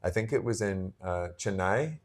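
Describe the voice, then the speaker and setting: A man's voice: sits low, expressive, normal speed. A man co-hosting a podcast, telling reflective stories in casual chat with many fillers and restarts. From Pacific Northwest coast. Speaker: podcast co-host.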